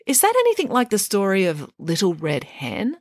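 A woman's voice: medium pitch, huge pitch swings, normal speed, no room sound, clean studio sound, pitched above the performer's own voice. A woman voicing a curious young boy who asks earnest questions. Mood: inquisitive. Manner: earnest, inquisitive.

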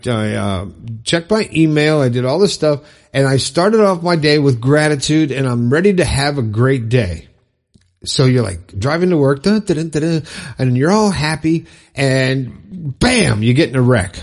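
A man giving an earnest, rambling motivational talk to listeners, often repeating himself. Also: on the high side. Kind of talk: motivational monologue.

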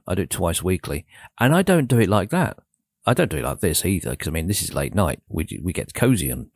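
A man in his forties hosts a late-night radio show, talking in a subdued, rambling manner and poking fun at himself. His voice sits low and sounds dry and close in a radio studio. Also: big pitch swings, fairly quick, dry recording. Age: 40s. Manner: self-deprecating, rambling, subdued. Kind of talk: laid-back radio presenting. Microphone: studio microphone.

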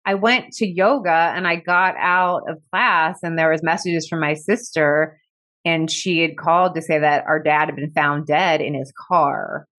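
A woman's voice: deep voice, fairly even intonation, a little slow, a bit bright. A woman telling a personal story as an interview guest, candid and reflective, with many "like" fillers and an emotional edge. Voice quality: emotional, close to tears at times. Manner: candid and reflective, heavy use of "like". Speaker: podcast guest.

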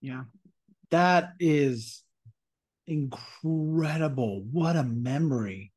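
Fairly high-voiced male podcast host. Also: very slow, darkish tone, slightly rough. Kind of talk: conversational interview.

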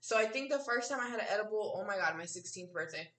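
A woman's voice: medium pitch, expressive, fast talker, a bit bright, distant mic. A woman co-hosting a casual podcast chat. She talks bluntly in slang and laughs often. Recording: echoey, set back from the mic.

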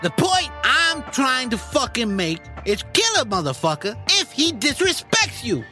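A squeaky, cartoonish little mobster, narcissistic and hot-headed, swearing his way through every line of a comedy radio skit. His voice sits very high and leaps all over the place. Hip hop music thumps behind him. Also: wildly swooping pitch, measured pace, bright, forceful tone, full character voice. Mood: angry bickering. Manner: crude, foul-mouthed, bickering.

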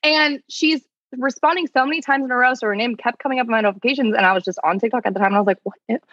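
A woman's voice: on the high side, very fast, dry recording. A young adult woman talks through a story in casual podcast chat, slipping into quoted voices and stacking "like" between phrases. Her mid-range voice sits close on a dry mic that sounds a touch dull. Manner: animated storytelling, heavy use of "like", quoting people. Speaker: attorney and content creator, guest.

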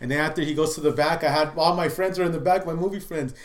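A middle-aged man, a guest in a casual interview, tells stories in a loose, chatty way, full of "dude" and "you know what I mean". He acts out the lines he quotes, swinging between loud and soft. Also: fairly high pitch, fast talker. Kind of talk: casual storytelling chat.

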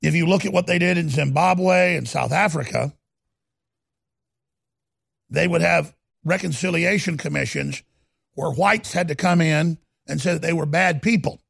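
A man hosting a talk radio show, delivering a heated, ranting monologue that swings between loud and quiet. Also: a little high, moderate pace, creaky, pauses often, husky, no room sound, clean studio sound.

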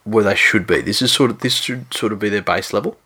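A man's voice: on the low side, fairly quick, pushed and bright, breathy edge. A man, co-hosting a sports podcast with dry, teasing, hesitant chat. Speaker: podcast co-host.

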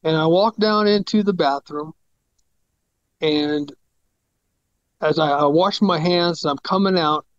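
A man's voice: a little high, unhurried, pauses often, no room sound, dull audio. A middle-aged man, a pastor, telling a personal story in a rambling, casual way, correcting himself and acting out the voices he quotes.

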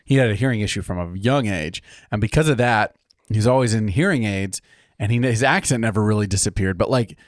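Recorded in studio quality with no room sound, a California man co-hosting a podcast tells stories in relaxed chat, laughing a lot. His voice is fairly low in pitch and his storytelling animated.

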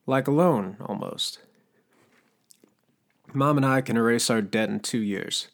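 Here a male narrator takes on a scarred, disgraced cook for an audiobook, speaking a little slowly. The voice is gravelly and creaky, pitched mid-range like an ordinary man's, and the cook needles slyly, coaxing and applying pressure.

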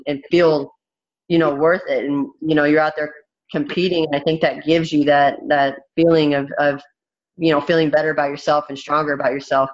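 A woman's voice: sits low, muffled recording. A woman fighter speaking bluntly and frankly in a candid interview, swearing freely.

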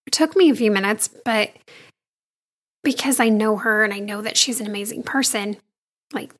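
A young woman telling her own story to viewers in an earnest, confiding way, often dropping into soft near-whispers. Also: a little high, slightly rough. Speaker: vlogger.

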